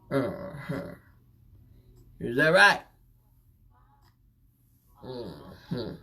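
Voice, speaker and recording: A woman hosting a gossip show, teasing and playful, repeating herself for effect. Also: low-pitched. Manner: playful, repetitive, drawn-out teasing. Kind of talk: casual gossip chat.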